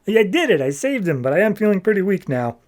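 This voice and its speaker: A man's voice: high voice, big pitch swings, fast, a little mellow, pitched above the performer's own voice. Defiant young girl with animal powers, earnest, as voiced by a man.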